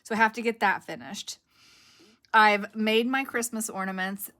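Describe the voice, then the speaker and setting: A woman's voice: mid-range voice, fairly even intonation, moderate pace, pushed and bright. A middle-aged woman hosting a craft channel, chatting casually to camera in a rambling, self-correcting way with a cough drop in her mouth.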